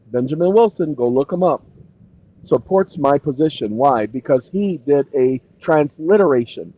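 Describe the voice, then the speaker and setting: Talking to his screen in a casual solo session, a channel host jokes and lets his sentences trail off. His voice is slightly high, expressive and warm, and he reads aloud at a slow, deliberate pace, speaking the punctuation. There is no echo; the sound is dry, close and somewhat dull, with nothing of the room behind him.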